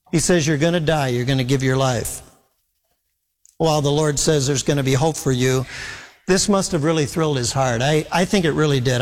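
Earnest male preacher, higher voice. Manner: earnest, emphatic, repeats key phrases. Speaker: pastor. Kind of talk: sermon. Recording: long hall reverb.

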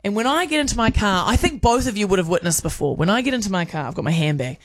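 A woman radio host spins a self-mocking anecdote, animated and quick to act out the other voices. Her voice sits in the middle of the range and sounds dry and close, with no room around it, through a studio microphone. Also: medium pitch, no room sound. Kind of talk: casual storytelling on breakfast radio.

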